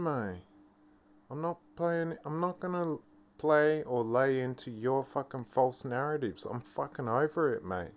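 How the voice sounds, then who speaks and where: Man, vlog rant, tired, blunt and profane, slow and deliberate. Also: medium pitch, lively intonation. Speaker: vlogger. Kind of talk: casual ranting monologue.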